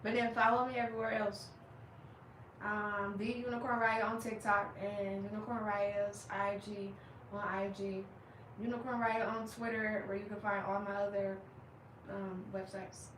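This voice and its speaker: Young woman livestreaming, bright tense voice, echoey room, sounds a bit far from the mic. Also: mid-range voice, normal speed, a little hiss or hum. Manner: animated, laughing, acts out viewers' reactions. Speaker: livestream host. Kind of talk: casual livestream chat with viewers.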